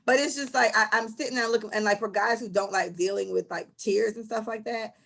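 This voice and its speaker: A woman with a gravelly, husky voice pitched a bit high chats casually as a podcast host. She tells stories bluntly and with energy, swearing freely. Her delivery stays lively and unfiltered. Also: brisk. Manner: blunt, animated storytelling with profanity. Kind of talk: casual chat.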